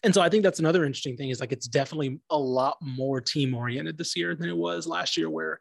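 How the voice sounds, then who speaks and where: A man co-hosting a sports podcast, giving loose, relaxed analysis in casual chat with lots of fillers. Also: on the high side, fast, creaky, no echo. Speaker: podcast co-host.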